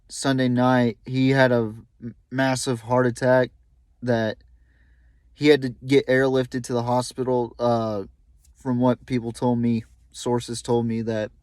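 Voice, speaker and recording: A young man hosting a podcast, talking haltingly with many fillers and restarts, openly emotional. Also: mid-range voice, a little mellow, clean tone, dry recording. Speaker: podcast host. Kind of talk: solo tribute podcast talk.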